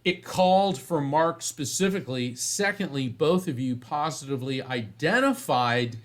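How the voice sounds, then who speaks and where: A man being interviewed as a psychic medium, telling a story in an animated way and often restarting phrases. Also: fairly high pitch, normal speed.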